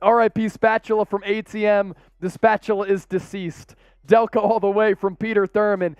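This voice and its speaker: Excitable high-voiced male sports streamer. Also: normal speed, clean tone, no room sound, dull audio. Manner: excitable, laughing, rowdy, casual. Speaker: host. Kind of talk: live-stream watch-party play-by-play.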